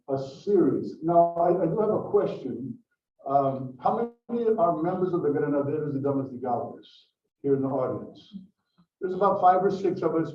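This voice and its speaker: A man's voice: on the high side, slight background noise. An older man from Brazil giving a talk to an audience, telling stories in a chatty way with frequent restarts. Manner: chatty storytelling with repeated restarts. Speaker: guest speaker. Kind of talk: lecture to an audience. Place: lecture room. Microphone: microphone from some distance. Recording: roomy, distant, muffled room recording.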